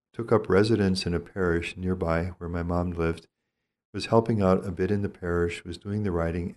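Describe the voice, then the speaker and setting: An older man, a priest, teaching in a reflective and gentle way, measured and thoughtful with frequent pauses. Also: deep voice.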